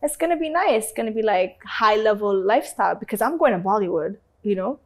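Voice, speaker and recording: A woman's voice: mid-range voice, quick pace. A woman guest in an interview telling her own story with emphasis and a bit of casual swearing. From North Africa. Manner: animated, emphatic, acts out other people's voices.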